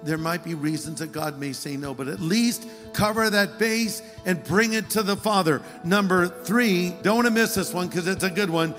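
A man preaching a sermon, telling a story and shifting between loud emphasis and quiet asides. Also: high voice, normal speed, hardly any pauses, big-room sound, faint music behind.

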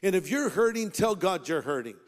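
A man preaching a sermon, impassioned and fond of rhetorical questions, swinging between loud and hushed. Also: sits high, sing-song, brisk. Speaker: pastor. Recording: long hall reverb.

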